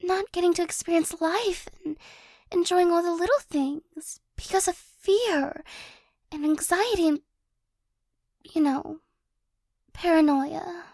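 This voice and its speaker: Woman playing a remorseful soft-spoken ex-girlfriend. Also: extremely high pitch, dry recording, heavily acted. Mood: apologetic. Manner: hesitant, halting, with nervous little laughs. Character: remorseful young ex-girlfriend, gentle and apologetic. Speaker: ASMR role-play performer. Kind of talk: ASMR role-play.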